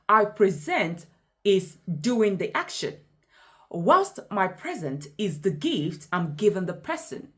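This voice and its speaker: A woman coaching English pronunciation, speaking deliberately and acting out example sentences with exaggerated stress. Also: medium pitch, a little mellow. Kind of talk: scripted pronunciation lesson.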